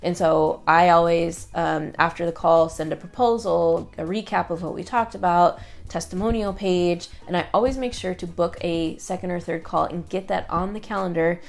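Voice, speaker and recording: Gravelly-voiced woman, chatty vlog. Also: fairly low pitch, moderate pace, few pauses. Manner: chatty, upbeat, lots of fillers and quoted asides. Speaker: online business creator. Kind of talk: casual to-camera vlog.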